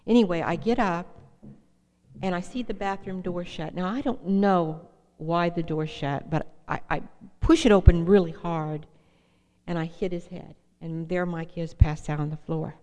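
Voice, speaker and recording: A woman's voice: lowish voice, fairly even intonation, normal speed, dark tone, long reverb tail. A middle-aged woman telling her personal recovery story to an audience, earnest and direct, often asking listeners questions. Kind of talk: personal testimony talk.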